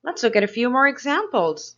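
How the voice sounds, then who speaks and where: A woman teacher giving a slow, clear grammar lesson to young pupils, asking them questions as she explains each step. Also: fairly high pitch, big pitch swings, a bit bright, lo-fi sound. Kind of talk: grade-school grammar lesson.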